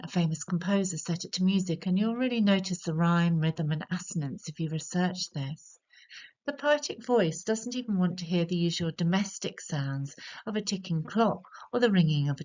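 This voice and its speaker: British woman tutor, lowish voice, careful analysis, slightly muffled recording. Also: a little mellow. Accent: British English. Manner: measured, explanatory, slows to stress key words. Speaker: literature tutor. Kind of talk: recorded poetry analysis lesson. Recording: slightly dull lo-fi audio.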